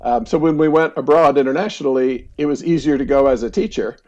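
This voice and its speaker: A middle-aged American man with a warm, mellow tone speaks as a podcast guest, chatty and relaxed with plenty of ums and easy laughter. His voice comes through slightly dull and lo-fi, as over a remote call. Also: mid-range voice, quick pace. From United States. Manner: relaxed, chatty, laughs easily, frequent fillers. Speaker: counselor guest. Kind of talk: casual interview storytelling.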